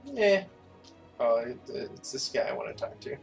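A man's voice: mid-range voice, big pitch swings, unhurried, vocal fry, faint music behind. A man hosting a casual game video, rambling in a goofy way and trailing off mid-sentence. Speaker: channel host. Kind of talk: casual gaming chat.

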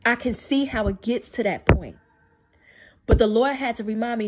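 A woman's voice: moderate pace, slight background noise. A woman giving a spiritual testimony to camera in an emphatic way, repeating phrases for stress. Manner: drops low and soft to quote God. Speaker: faith video speaker.

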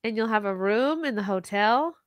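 A woman's voice: mid-range voice, expressive, normal speed, dry recording. A woman co-hosting a podcast, chatting in a playful, teasing way. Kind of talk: casual chat.

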